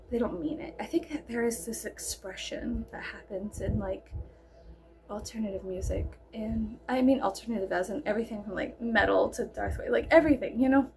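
A woman in her thirties from South Texas rambling through a casual story with heavy fillers and free swearing. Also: fairly high pitch. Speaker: storyteller vlogger. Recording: faint background noise.

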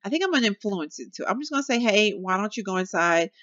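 A woman's voice: mid-range voice, expressive, fast, a bit bright, no echo, dull audio. A young woman giving chatty, casual commentary over her gameplay, talking straight to her viewers and laughing often. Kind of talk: casual let's-play commentary.

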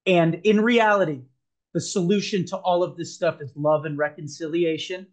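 A man's voice: a little high, steady tone, moderate pace. A man as a podcast guest, earnestly telling a personal story, rambling with frequent restarts.

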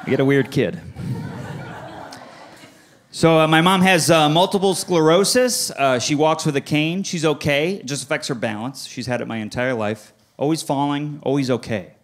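Onstage at a comedy club, a man tells animated stories and slips into exaggerated voices for his family members, with audience laughter in the live recording. His voice is a little high and a little fast.

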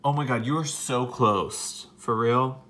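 A young man talking casually and dramatically to a trapped wasp, swinging between hushed whispers and loud exasperated outbursts. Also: mid-range voice, unhurried. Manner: dramatic, exasperated, slangy, drops to whispers and bursts into loud outcries. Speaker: vlogger.

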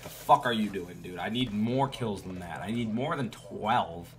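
Lowish-voiced guy trash talking over a shooter game, swears a lot, noisy mic. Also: normal speed. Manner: trash-talking, swearing, swings into loud outbursts. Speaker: gaming YouTuber. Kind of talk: gameplay commentary.

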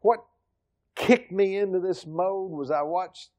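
A middle-aged pastor preaching in a church with a fairly high-pitched voice. He talks emphatically, jumping between loud, driving points and quiet, near-muttered asides to the congregation. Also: slow pace. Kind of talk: sermon. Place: church sanctuary.

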